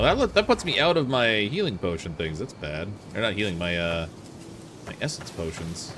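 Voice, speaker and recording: A man's voice: mid-range voice, noisy background. A young man streaming a fantasy game, chatting casually and laughing at himself as he plays. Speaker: gaming streamer. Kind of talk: let's play commentary. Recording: game sounds behind voice. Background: game sound effects.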